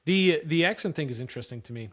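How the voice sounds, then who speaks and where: A man's voice: a little high, expressive, fast talker. A man co-hosting a podcast in casual chat, a laid-back, curious questioner. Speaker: podcast co-host.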